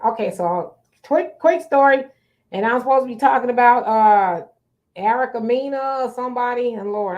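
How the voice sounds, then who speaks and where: A middle-aged woman co-hosting a casual talk show, telling a story in an animated, dramatic way. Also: medium pitch. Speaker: co-host.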